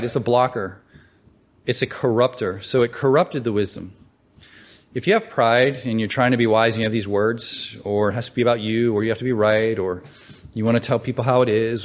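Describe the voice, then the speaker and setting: A man teaching from the Bible in a conversational way, asking rhetorical questions and reading scripture aloud. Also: mid-range voice.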